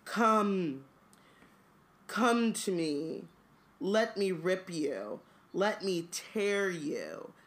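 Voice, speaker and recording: A menacing, unseen monster voice that drags every threatening word out slowly, as a woman reads it aloud. It sits a little low and hushed. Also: expressive. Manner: slow, drawn-out, threatening.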